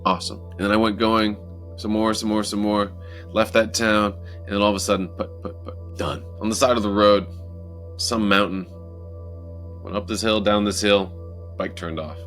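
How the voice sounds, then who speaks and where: A man telling a personal story in a casual, animated motivational talk, acting out moments as he goes. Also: fairly low pitch, normal speed, long pauses, faint music behind. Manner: animated, acts out his own story with lively asides. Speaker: motivational speaker.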